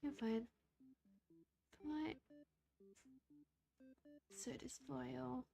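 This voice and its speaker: A woman's voice: on the high side, moderate pace, over music. A young woman streamer casually talking through a game, hesitant and muttering to herself as she picks options. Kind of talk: casual gameplay commentary.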